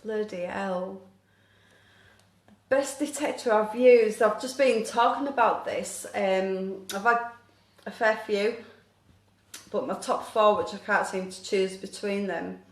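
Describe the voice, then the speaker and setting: Chatty self-mocking woman, slow and roomy. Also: mid-range voice. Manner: chatty, self-deprecating, apologetic. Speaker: metal detecting hobbyist answering viewer questions. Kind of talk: casual live-stream chat reading comments aloud. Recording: echoey room.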